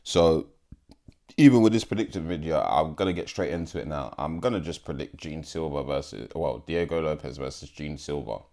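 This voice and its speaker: Deep-voiced blunt man vlogging. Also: animated, fairly quick, creaky, darkish tone. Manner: blunt, profane, repeats himself. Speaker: MMA YouTuber. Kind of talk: casual fight prediction vlog.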